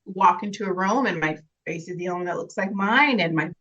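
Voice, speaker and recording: Interviewed as a guest, an actress chats casually, earnest and reflective, with frequent laughter. She has a lowish, fairly bright voice and talks a little fast, and the sound is slightly dull and lo-fi.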